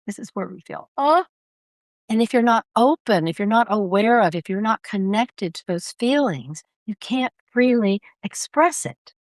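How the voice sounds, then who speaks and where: A woman voice coach speaking in a podcast interview, with an expressive, emphatic teaching delivery. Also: mid-range voice, moderate pace, no room sound. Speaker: voice coach guest.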